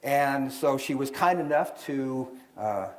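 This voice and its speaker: A man's voice: medium pitch, expressive, slow pace. A middle-aged man, an author and seminar speaker, telling a story to a live audience and acting out the voices in it. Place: event hall with an audience.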